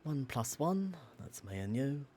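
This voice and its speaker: A man playing a detective in an online roleplay, laid-back, laughing often, with quiet whispered asides. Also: mid-range voice, very animated, a little slow, faint music behind. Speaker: detective character in a roleplay, streamer. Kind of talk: in-character roleplay chat.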